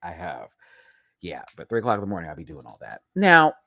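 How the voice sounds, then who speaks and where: A young man chats through a live-stream review, sassy and full of camp slang, while doing his makeup. His pitch swoops all over as he talks. The sound is close and dry, with no room around it. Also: wildly swooping pitch, brisk, vocal fry, sharp tone, dry recording. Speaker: reality TV reviewer. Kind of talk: casual live-stream chat.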